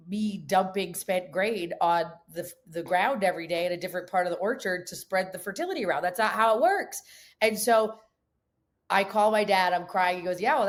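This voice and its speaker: A middle-aged woman from upstate New York, a farmer and chef, telling her story in a casual interview, animated and full of fillers and restarts. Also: fairly low pitch. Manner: animated, many fillers and restarts, quotes others in voices.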